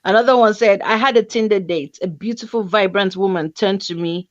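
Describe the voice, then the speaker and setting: A woman, hosting a casual online chat show, reading stories aloud with lively, teasing asides. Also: medium pitch, fairly quick, no echo, dull audio. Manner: animated, laughing, teasing asides. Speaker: show host. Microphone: video call stream.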